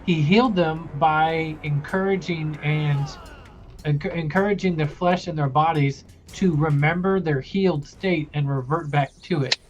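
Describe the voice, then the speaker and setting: A man's voice: a little high, unhurried, highs cut off, faint music behind. Rambling man recapping a game. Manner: loose and rambling, many fillers and restarts. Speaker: game master. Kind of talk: recapping a tabletop campaign.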